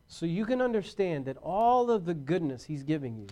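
Brief: male pastor, sermon, high-pitched, calls for amens, booms then drops to a hush. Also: sing-song, moderate pace. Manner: swings between loud exhortation and hushed earnest talk.

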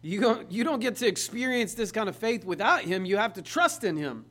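A man's voice: high-pitched, lively intonation, fairly quick, fairly bright tone. A man preaching a sermon, emphatic, repeating his phrases and putting questions to the listeners.

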